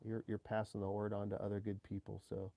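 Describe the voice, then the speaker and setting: A man's voice: on the low side, monotone, quick pace, creaky, warm tone, dry recording. A man hosting an interview, asking rambling questions in a casual, chatty way. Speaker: host. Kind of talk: casual chat.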